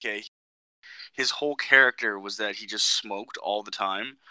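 A man co-hosts a podcast in relaxed chat, with a lowish voice that still sounds very bright and forceful. He tells stories with lively energy, often swearing and mimicking people. The sound is close and dry. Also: moderate pace, no room sound, low-quality recording. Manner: animated storyteller, swears, acts out voices. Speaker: podcast co-host. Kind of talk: casual chat.

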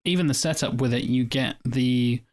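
A man's voice: medium pitch, moderate pace, darkish tone. Enthusiastic man gushing about a film scene. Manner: enthusiastic, filler-heavy. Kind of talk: casual film discussion.

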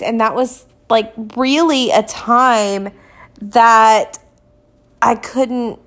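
Candid woman telling a personal story. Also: on the high side. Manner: candid and confessional, with many "like" fillers and restarts; acts out short quoted exchanges in her telling. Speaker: podcast storyteller.

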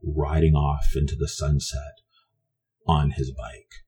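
A man's voice: a bass voice, little pitch movement, slow pace, mellow. A man from Canada telling a personal story in a meandering, conversational way, often restarting his sentences.

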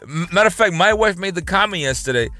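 An adult vlogger in his car, parked in a work lot, tells a loose, rambling story in a high, bright, forceful voice that moves fast with lively intonation. He swears often and laughs through the rant, with soft music behind him and no room sound.

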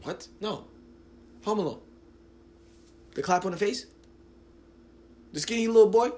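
A man's voice: high voice, lively intonation, a little slow, warm tone. A man in his late twenties hosting his own podcast, ranting casually, profane and rambling with lots of restarts. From New Jersey. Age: 20s. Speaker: podcast host. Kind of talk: casual solo podcast rant.

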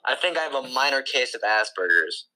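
Bright-voiced goofy young guy. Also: medium pitch, sing-song, a little fast, poor audio. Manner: goofy, swears a lot, slips into silly voices. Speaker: podcast co-host. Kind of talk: casual chat.

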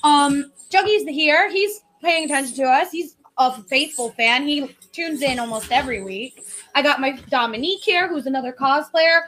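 A woman's voice: high voice, normal speed, a bit bright. A woman hosting a podcast in casual chat, chatty and enthusiastic, laughing often. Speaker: podcast host.

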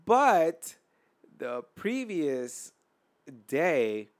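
A man with a slightly high voice hosts a casual podcast. He tells crude stories full of profanity and breaks into laughter as he talks. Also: very animated, extremely slow. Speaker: podcast host. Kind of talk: casual storytelling chat.

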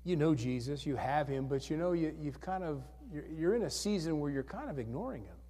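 Warm-toned and fairly quick, this male pastor's voice rides high with lively intonation as he leads an altar call. Over and over he asks questions and calls for hands, coaxing people forward. His sanctuary echoes with church hall reverb.

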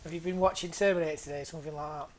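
Casual podcast host, joking. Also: male voice, on the high side, steady tone, racing, a little hiss or hum. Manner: joking, teasing banter. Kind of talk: casual chat.

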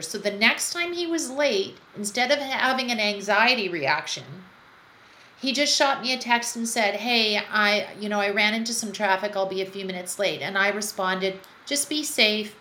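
A woman's voice: a little high, bright, forceful tone. A woman speaking as a guest in an interview, telling personal stories in an earnest, reflective way. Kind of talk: conversational interview. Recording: roomy echo, faint background noise.

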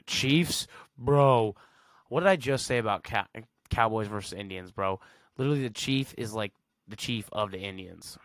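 A man's voice: fairly low pitch, a bit bright, no room sound. A man hosting a solo podcast in a casual, slangy way, reading facts aloud and reacting with blunt verdicts. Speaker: podcast host.

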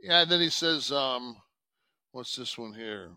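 Profane, animated man ranting. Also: mid-range voice, slow, no room sound. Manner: swears constantly, animated and mocking. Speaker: podcast host in played clip. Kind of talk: profane casual rant.

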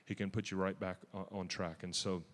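A man preaching a testimony-style sermon in a church. He is emphatic and zealous, with restarts and sudden loud bursts. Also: deep voice, flat delivery, brisk, big-room sound.

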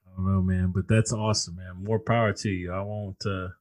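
A man's voice: low voice, level tone, brisk, a little mellow. A man hosting a podcast interview, laid-back, laughing along with his guest. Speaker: podcast host. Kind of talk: casual interview chat.

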